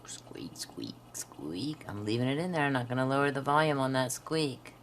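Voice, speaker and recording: Very low-voiced woman crafting. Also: fast talker, a little hiss or hum. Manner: chatty, talks to viewers while working. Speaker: craft channel host. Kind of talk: casual swatching narration.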